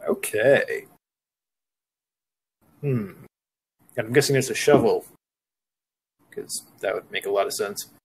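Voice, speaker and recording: A man playing a tabletop game, thinking aloud in a relaxed, casual way. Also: lowish voice, takes it slowly, pauses often, husky, low-quality recording. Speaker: player.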